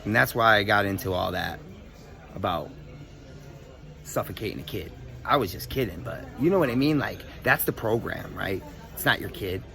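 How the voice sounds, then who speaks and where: Profane, animated man ranting. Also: fairly low pitch, normal speed, gravelly. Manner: profane, animated, streetwise slang. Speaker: vlogger. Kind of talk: casual storytelling rant.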